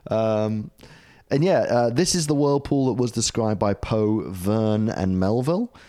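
A man's voice: fairly low pitch, a little slow, warm tone. A man with a New Zealand accent chatting casually on a podcast, rambling and joking, often laughing. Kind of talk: casual chat.

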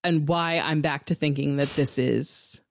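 A woman's voice: deep voice, fairly even intonation, a little slow, vocal fry. A woman co-hosting a podcast, chatting animatedly about a game and laughing easily. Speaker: podcast co-host. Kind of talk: casual chat and game analysis.

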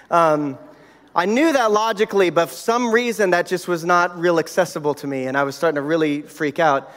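A man's voice: on the high side, fairly quick, fairly bright tone. A man in his thirties giving a sermon, telling a personal story in a conversational way with many fillers. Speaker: pastor. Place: church hall. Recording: reverberant hall.

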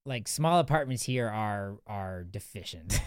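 Rambling male podcast host, smooth voice. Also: lowish voice, animated, measured pace, no room sound, studio quality. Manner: rambling, many fillers and restarts. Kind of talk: casual podcast chat. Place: tiny studio.

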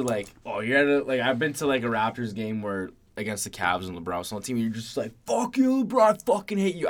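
A young man co-hosting a podcast in casual, profane banter about sports. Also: mid-range voice. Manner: profane, laid-back, mocking impressions. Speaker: podcast co-host.

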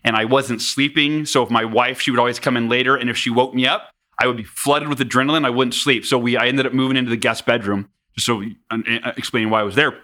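A man in his forties, a podcast guest, telling candid personal stories in an animated, self-mocking way. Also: mid-range voice, fast talker, few pauses.

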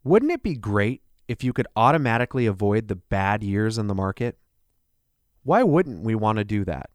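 A man speaking as a financial advisor in a radio advertisement, making an earnest, persuasive pitch full of rhetorical questions. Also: big pitch swings, moderate pace, no echo, clean studio sound.

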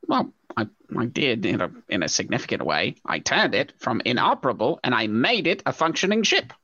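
Man, tabletop player, bright voice, halting restarts, dull lo-fi recording. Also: medium pitch, wildly swooping pitch, breathy edge, dry recording. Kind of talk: casual in-character play. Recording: dull lo-fi sound.

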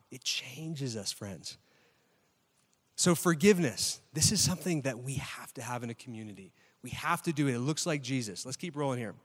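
A man's voice: on the high side, long reverb tail. A man preaching a sermon as pastor, telling stories with energy and putting questions to the congregation. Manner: animated storytelling, asks the crowd questions.

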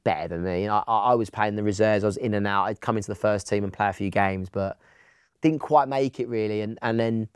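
A man's voice: on the low side, fast, smooth, no room sound, clean studio sound. A man with an Essex accent, a podcast guest telling stories in casual chat, with lots of restarts. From England. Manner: chatty storyteller, many restarts.

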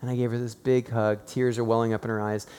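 A man preaching a sermon, earnest and hushed in stories, rising to fervent, emphatic preaching. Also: medium pitch, level tone, quick pace, clear, resonant tone. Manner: tearful and hushed while telling a personal story. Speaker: pastor. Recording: long reverb of a large hall.

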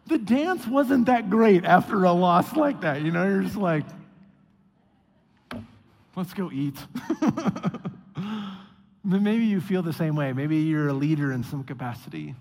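A man preaching a sermon, acting out quotes with mock voices in an animated way. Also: sits high, measured pace, vocal fry, pauses often. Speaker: pastor. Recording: long hall reverb.

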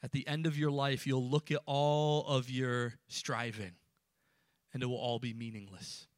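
A man preaching a sermon to students, emphatic and rising, then dropping suddenly to quiet words. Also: mid-range voice, flat delivery, unhurried, no room sound, clean studio sound. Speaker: pastor.

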